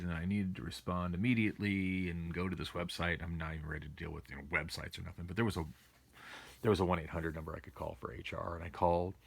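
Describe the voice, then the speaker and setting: Weary low gravelly man. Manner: weary, complaining, meandering with restarts. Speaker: vlogger. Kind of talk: rambling casual monologue. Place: at home. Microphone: phone camera.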